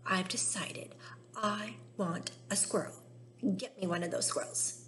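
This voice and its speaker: A woman voicing a spoiled, demanding rich girl who whines and shouts her demands in a storybook reading. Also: medium pitch, steady tone, a little slow, whispered, lightly acted.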